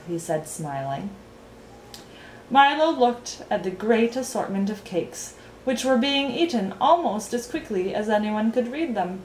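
A woman narrates a storybook with an expressive, lively voice that rises and falls a great deal. Her reading has a roomy echo around it. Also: mid-range voice, measured pace, a little hiss or hum.

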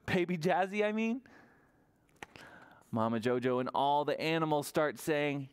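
A man reading a picture book aloud at a library toddler storytime, in an animated sing-song way and often asking the children questions. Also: fairly high pitch, a little slow, long pauses, clean tone. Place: public library storytime room.

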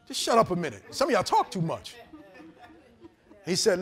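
A man preaching, his voice sitting high for a man. He tells his story with animated character voices, breaking into laughter as he goes. It sounds like a live sermon delivered on a mic. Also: moderate pace. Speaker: pastor. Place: church service in a hotel venue. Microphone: handheld or lapel mic.

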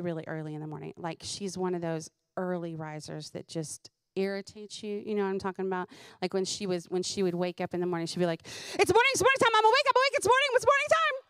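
A middle-aged woman, a comedian host telling lively, funny stories about her kids and laughing at them. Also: on the low side, clear, resonant tone, dry recording, clean studio sound. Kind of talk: comedic storytelling.

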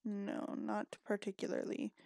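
A woman's voice: mid-range voice, monotone, measured pace, gravelly, dark tone. A woman giving casual gameplay commentary, chatty and scolding her characters, a little sniffly and yawning. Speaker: gaming video creator.

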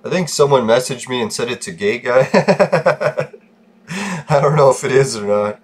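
Vlogger man, middle pitch, frustrated and sweary, venting to viewers in casual talk. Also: lively intonation, a little slow, breathy edge. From Canada. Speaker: gaming channel host. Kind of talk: casual vlog rant.

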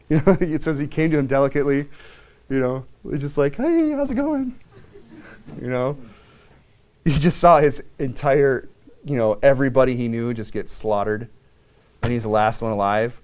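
Male pastor preaching an animated sermon with acted-out quotes. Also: medium pitch, clear, resonant tone.

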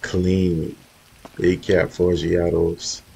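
A man's voice: sits low, completely flat delivery, drawn-out words, creaky, mellow, a little hiss or hum, rough recording. A man giving laid-back, slangy commentary in a gaming vlog, talking straight to his viewers. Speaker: roleplay gamer showing off his cars.

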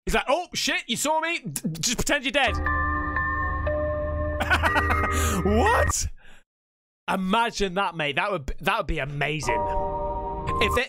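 A young English man hosting a reaction video, swearing and joking in casual banter. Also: fairly high pitch. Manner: excitable, swearing, jokey banter.

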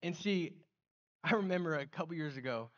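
Lively casual pastor preaching, man. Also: on the high side, brisk, lo-fi sound. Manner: casual, animated preaching with slang and acted-out asides. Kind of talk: sermon. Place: church.

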